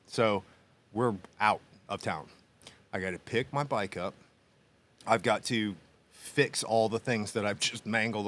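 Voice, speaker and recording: A middle-aged man co-hosting a podcast, telling a story in a lively, animated way, acting out other people's voices and laughing often. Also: on the low side. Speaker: podcast co-host. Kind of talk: casual storytelling chat. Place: small machine shop studio.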